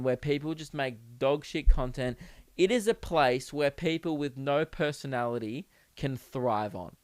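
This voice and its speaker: A man's voice: mid-range voice, smooth, dry recording. A young man hosting a podcast, rambling through a sweary comedic monologue and laughing at his own jokes.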